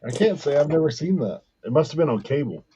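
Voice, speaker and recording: Husky man over a dull lo-fi line. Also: a little high, very animated, fast, warm tone. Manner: matter-of-fact, fact-checking. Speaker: co-host. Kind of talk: casual group chat.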